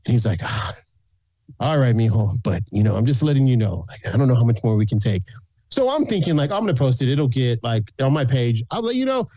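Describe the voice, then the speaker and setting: A man's voice: medium pitch, very animated, a little fast, warm tone, no room sound. A man from San Antonio, Texas, telling stories as a podcast guest. He acts out the people he quotes and laughs often. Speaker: guest, food content creator. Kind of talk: casual storytelling in a podcast interview.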